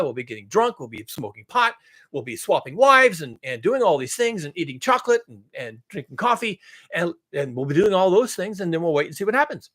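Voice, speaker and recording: Husky sarcastic man ranting. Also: fairly high pitch. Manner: profane, mocking, swings between shouting and muttering. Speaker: commentary channel host. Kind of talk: sarcastic rant monologue.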